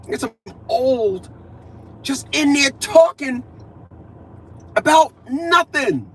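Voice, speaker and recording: A man in his fifties preaches and rants straight to camera, his voice pitched fairly high with a husky, breathy edge. He hammers points home by repeating them and swings between loud declarations and low, muttered asides. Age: 50s. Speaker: vlogger. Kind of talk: profane ranting monologue.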